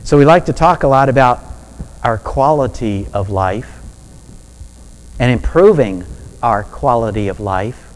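A man preaching a sermon in a measured, deliberate way that builds to emphatic peaks. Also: mid-range voice, expressive, low-quality recording. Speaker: pastor.

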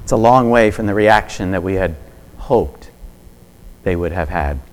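A man preaching a sermon, reflective and varying his loudness for emphasis. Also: low-pitched, measured pace.

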